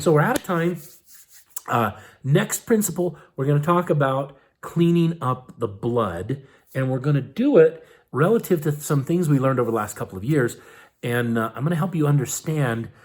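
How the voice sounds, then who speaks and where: Casual man teaching a hands-on lesson. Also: medium pitch. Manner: casual, folksy, with many fillers and "okay?" check-ins. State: eyes tearing up from ointment vapors. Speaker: herbal health teacher.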